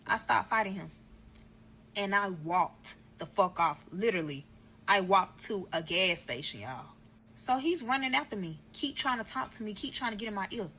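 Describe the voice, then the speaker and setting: Recounting a breakup directly to camera in a casual vlog, a woman speaks with a bright, forceful, medium-pitched voice at a moderate, animated pace. She is blunt and profane and slips into other voices for quotes, with faint noise behind her on a low-quality recording.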